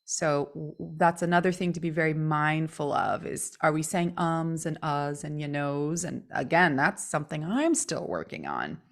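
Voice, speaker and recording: A woman from California with a low voice co-hosts a casual podcast as a voice coach, speaking expressively and playing with her intonation to demonstrate her points. She talks at a normal speed with hardly any pauses.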